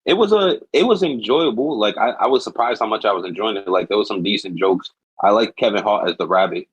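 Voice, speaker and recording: A man co-hosting a podcast, giving blunt, opinionated movie takes in a lively way. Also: lowish voice, quick pace, husky, no echo, lo-fi sound. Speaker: podcast co-host. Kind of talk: casual podcast chat.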